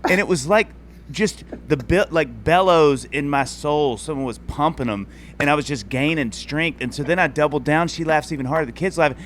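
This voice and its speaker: A man in his forties hosting a casual podcast chat, enthusiastic and quick to laugh as he retells family moments. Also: on the high side, slight background noise. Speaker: podcast host.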